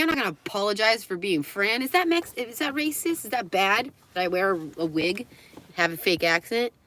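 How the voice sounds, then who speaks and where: A woman livestreaming to her viewers, chatting in a rambling way, laughing often and swearing freely. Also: medium pitch. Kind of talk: rambling live-stream chat.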